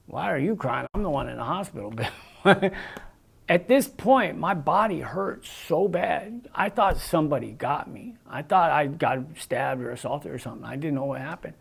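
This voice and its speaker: A man speaks in a gravelly, slightly raised voice, telling his story earnestly. His speech is loose and casual, full of "you know"s and restarts as a guest recounts his testimony. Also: a little high.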